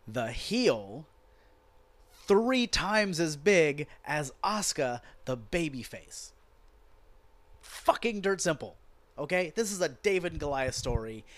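A man's voice: fairly high pitch, dry recording. A man hosting a podcast, recapping a wrestling show as a profane, exasperated rant told like a story. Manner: exasperated, sweary, animated storytelling. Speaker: podcast host.

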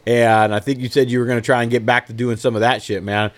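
A man hosting a casual podcast, laid-back and quick to laugh, swearing freely. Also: mid-range voice, little pitch movement. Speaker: podcast host.

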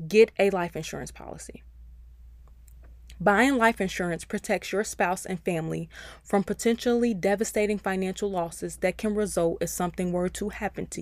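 A woman's voice: mid-range voice, no echo. A woman hosting a personal finance podcast, giving advice in a chatty, encouraging way and speaking straight to her listeners. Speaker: podcast host.

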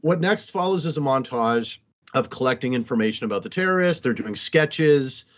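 A man's voice: medium pitch, normal speed. Man, podcast co-host, chatty movie recapper, a little muffled. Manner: animated, joking, recaps the plot. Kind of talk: casual movie review chat.

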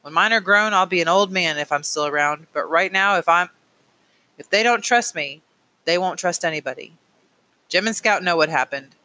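A man reading an audiobook, voicing a steady, principled middle-aged father who speaks earnestly and firmly. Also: sits high, normal speed. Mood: pleading. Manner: earnest, pleading, firm.

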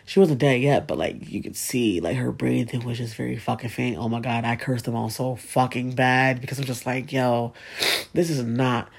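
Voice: mid-range voice, steady tone, normal speed, vocal fry, slightly rough. A speaker telling a painful personal story in a casual, candid way, swearing often and speaking with emotion.

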